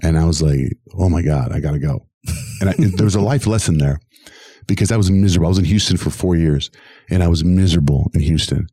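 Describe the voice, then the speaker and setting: A man's voice: low voice, fast, no echo. A middle-aged man, a radio host, telling his career story in an interview and acting out the voices of the people in it. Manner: animated, acts out quoted voices.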